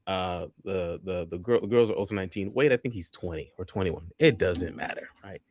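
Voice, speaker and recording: A man's voice: deep voice, a little fast, dry recording. A man telling a personal anecdote on a talk show, acting out scenes and checking in with "right?" and "okay?". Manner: animated, acts out scenes, repeats "right?" and "okay?". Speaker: guest storyteller. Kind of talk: casual anecdote on a podcast.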